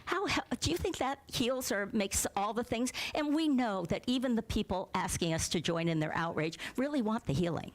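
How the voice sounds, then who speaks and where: A middle-aged woman minister giving a conversational sermon, asking her congregation questions and sometimes dropping to a soft near-whisper. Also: on the high side, lively intonation, normal speed, few pauses.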